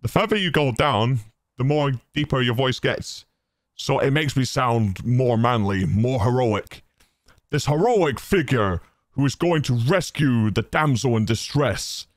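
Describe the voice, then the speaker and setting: A man speaking through a pitch-shift effect that drops his voice far down, playful and hamming it up. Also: expressive, measured pace, no room sound, studio quality.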